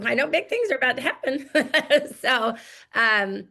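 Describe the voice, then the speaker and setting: A woman's voice: fairly high pitch, expressive, unhurried, gravelly, bright, forceful tone. A woman hosting a motivational business call, effusive and enthusiastic as she praises her team. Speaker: host.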